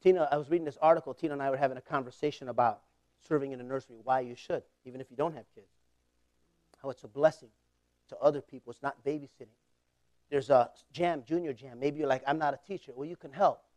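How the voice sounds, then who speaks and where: A man in his forties, a pastor telling a humorous story in a sermon, conversational and laughing often, swinging between loud bursts and quiet asides. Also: medium pitch, fairly even intonation, quick pace, no echo.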